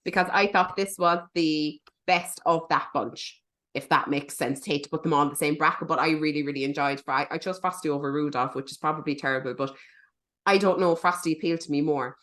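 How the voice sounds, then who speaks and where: A woman co-hosting a casual film podcast. Her voice is bright and forward, she talks in a chatty, animated way, and she swears for emphasis. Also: low voice, fairly quick. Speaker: podcast co-host. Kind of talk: casual movie review chat.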